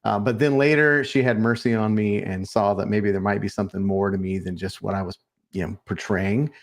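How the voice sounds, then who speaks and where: A man in his forties from Texas, a guest on a podcast, talking in friendly casual chat with many pauses and fillers. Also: on the low side, steady tone. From Texas, USA. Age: 40s.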